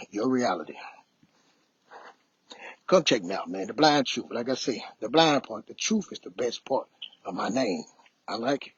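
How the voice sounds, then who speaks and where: A man talking casually on a walk, sharing life lessons in a preachy, repetitive, animated way. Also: mid-range voice, slightly rough. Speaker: motivational vlogger. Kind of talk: casual motivational talk. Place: outdoors on a walk. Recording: dull, lo-fi sound.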